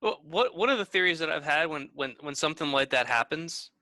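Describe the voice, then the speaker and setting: Easygoing man with a bright voice. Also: fairly high pitch, lively intonation, brisk. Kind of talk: casual chat.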